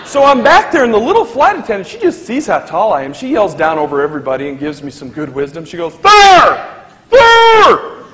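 A man's voice: fairly high pitch, fast, few pauses. A young man, a motivational speaker, telling a comic story to a live audience and acting out the people in it. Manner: animated, acts out the people in his story. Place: large hall with a live audience. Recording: echoey hall with crowd laughter and noise.

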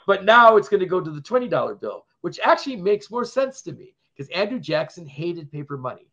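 A man's voice: high voice, big pitch swings, brisk, fairly bright tone. A man co-hosting a podcast in casual chat, rambling from point to point and laughing often. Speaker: podcast co-host. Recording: dull lo-fi sound.

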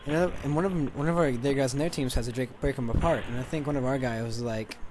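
A man telling a story in a casual, excited, rambling way over gameplay, restarting his sentences often. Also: medium pitch, racing, noisy background. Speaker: gaming channel commentator.

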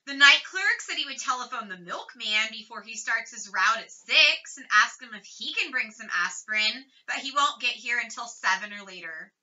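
A woman's voice: on the high side, expressive, moderate pace, few pauses, sharp tone, recorded from a distance, lo-fi sound. A woman voicing a worried, exasperated father in a storybook, speaking plainly.

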